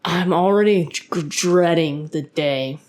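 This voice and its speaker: A woman's voice: fairly low pitch, slow, darkish tone. A woman hosting her own podcast, talking casually and earnestly about faith, rambling with frequent restarts and fillers. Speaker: podcast host; parent of a young son.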